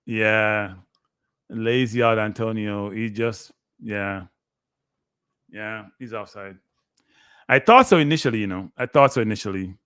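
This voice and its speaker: A man, a guest analyst giving excitable live play-by-play commentary on a match he is watching. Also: lowish voice, unhurried, long pauses, clean tone, no echo, clean studio sound. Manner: excitable, play-by-play that bursts into shouting.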